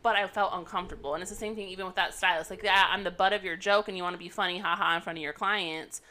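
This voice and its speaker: A woman co-hosting a casual chat, frank and quick to laugh. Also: fairly low pitch, steady tone, pushed and bright. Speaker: podcast co-host.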